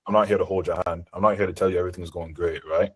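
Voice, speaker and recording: A man's voice: sits low, steady tone, very fast, slightly rough, low-quality recording. A man teaching sales in a live seminar, talking in a direct, assertive way. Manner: direct, assertive coaching talk. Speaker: sales trainer. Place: online group call.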